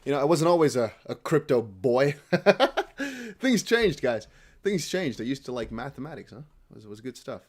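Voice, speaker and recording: A man's voice: medium pitch, normal speed. A man from the Netherlands with a near-American accent, chatting casually and rambling to his livestream viewers as a crypto host. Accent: American-sounding English with slight Dutch traces. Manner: rambling, animated, talks to chat.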